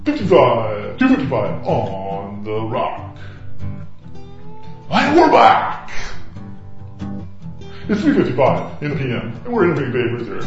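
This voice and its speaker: A man imitating an over-the-top radio DJ, shouting announcer lines high and loud. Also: huge pitch swings, unhurried, pauses often, very echoey, lo-fi sound, soft background music. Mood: hyped. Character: loud hyped male radio DJ.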